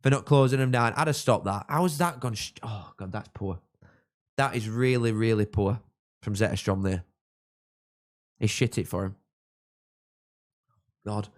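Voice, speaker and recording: A young man from England, hosting a live football watchalong and chatting with viewers, reacting loudly to goals. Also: lowish voice, measured pace, pauses often. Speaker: livestream host.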